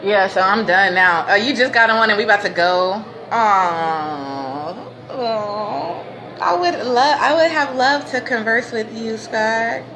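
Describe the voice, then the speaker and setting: A woman's voice: on the high side, a little slow. A woman hosting a casual livestream, talking in laid-back slang, laughing often and breaking into preachy bursts. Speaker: livestream host. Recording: noisy ambience behind.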